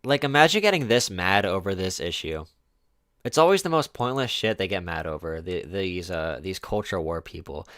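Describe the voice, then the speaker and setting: A man's voice: sits low, expressive, moderate pace, fairly bright tone, dry recording, studio quality. A man streaming live, reacting to a video with sarcastic, mocking commentary and talking back at the speaker.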